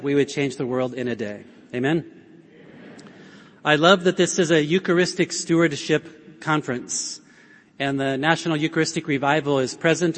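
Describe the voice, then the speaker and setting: Earnest male preacher in a reverberant hall. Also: fairly high pitch. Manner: earnest, prompts audience with "right?" and call-and-response. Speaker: speaker at a Catholic conference. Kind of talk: conference talk preaching to an audience. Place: large conference hall.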